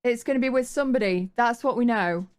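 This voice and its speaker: A woman's voice: on the high side, fast talker. A woman hosting a stream, signing off casually with many hesitations and frequent laughs. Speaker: stream host.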